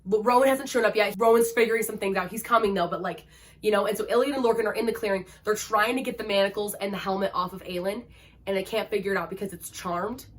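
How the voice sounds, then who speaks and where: Gushing and dramatic, this book vlogger packs her emotional reviews with "like." She talks fast in a mid-range voice with a steady tone.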